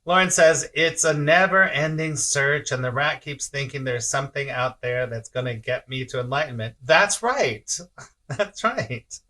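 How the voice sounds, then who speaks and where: A man's voice: mid-range voice, unhurried, bright, forceful tone. A man giving a casual spiritual talk on a live stream, reading viewer comments aloud, often chuckling and repeating himself. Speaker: spiritual teacher.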